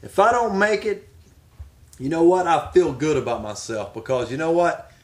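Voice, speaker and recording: A man's voice: on the high side, moderate pace. A man who is an aspiring pro wrestler answers interview questions in an emphatic, fired-up, determined way.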